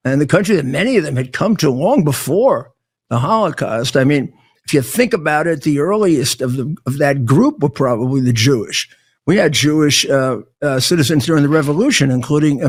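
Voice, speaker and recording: An older man speaking in a casual monologue. He talks haltingly, with many restarts and stammered words. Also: medium pitch, husky.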